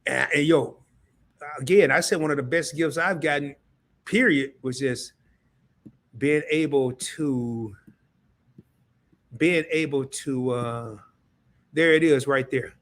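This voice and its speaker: A man hosting a casual live stream, talking straight to his chat. He gets excited, repeats himself and restarts often. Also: medium pitch, slow pace, pauses often.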